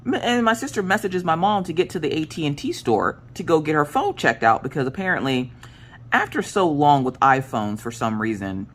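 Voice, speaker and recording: A woman's voice: sits low, sing-song, fairly quick. A woman, a craft vlogger chatting casually and telling a dramatic story as she works.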